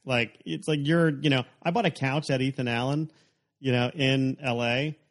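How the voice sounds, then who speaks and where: A man hosting a casual interview, ranting with animated exasperation. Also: medium pitch, moderate pace. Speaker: podcast host.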